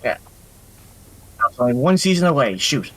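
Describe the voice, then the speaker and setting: Man from Canada, very lively intonation, teasing, casual chat. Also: medium pitch. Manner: teasing, quick to laugh. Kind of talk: casual live-stream chat.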